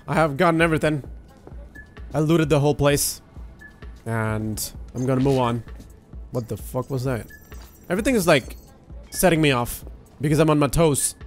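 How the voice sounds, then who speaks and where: A man giving excitable, profane, joking commentary while playing a video game. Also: a little high. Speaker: gaming video host. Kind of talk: let's play commentary.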